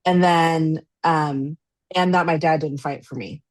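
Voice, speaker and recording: Slow, low-voiced woman podcast host. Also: fairly even intonation, no echo. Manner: frequent soft backchannel affirmations. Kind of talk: listening and affirming in interview.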